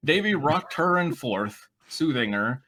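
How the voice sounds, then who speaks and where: A man's voice: on the high side, big pitch swings, measured pace, bright, forceful tone. A man co-hosting, reading fan fiction aloud with wry, mock-dramatic narration. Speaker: reader and co-host.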